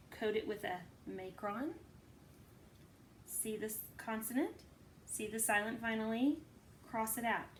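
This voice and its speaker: Woman teacher, slow and patient, fairly high voice, faint room hum. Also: fairly bright tone. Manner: slow, patient, sounds words out. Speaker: kindergarten teacher. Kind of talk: phonics lesson for young children.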